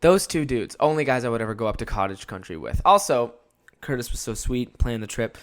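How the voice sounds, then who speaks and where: Casual young podcast host, rambling and swearing a lot, laughs a lot. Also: male voice, mid-range voice, fairly quick. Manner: animated, profane, rambling, laughs often. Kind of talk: casual solo podcast storytelling.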